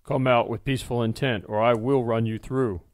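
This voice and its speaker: A man's voice: mid-range voice, normal speed, a little mellow, dry recording, studio quality, close to an everyday voice. A man voicing a stern, commanding master blacksmith who issues threats and orders. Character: stern powdered-wigged male master blacksmith.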